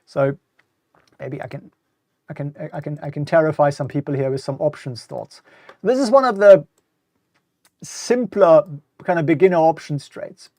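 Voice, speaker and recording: A man's voice: fairly high pitch, fairly even intonation, normal speed, dark tone, no room sound, clean studio sound. A middle-aged man from Germany with a German accent mixed with British English, casually commenting on markets in a live stream, often repeating words and answering viewer questions. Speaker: host.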